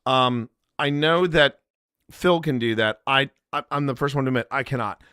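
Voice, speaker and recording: Speaking to the chat directly, a paranormal investigator hosting a live stream describes his editing method in a jokey, rambling fashion. His medium-pitched voice keeps a moderate pace, sounding pushed, bright and clean on a studio-quality recording with no room sound.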